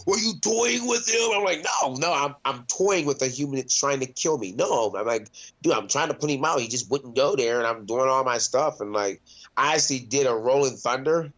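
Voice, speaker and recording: A man's voice: mid-range voice, brisk, fairly bright tone, muffled recording. A man, a mixed martial arts fighter, chatting casually in an interview, loose and profane with lots of laughs and restarts. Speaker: MMA fighter, interview guest.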